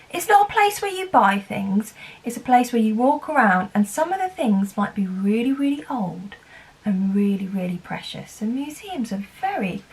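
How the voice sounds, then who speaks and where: A woman's voice: a little high, breathy edge. A woman with an English accent teaching a phonics lesson to young children, encouraging and chanting sounds in a sing-song way. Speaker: primary school teacher.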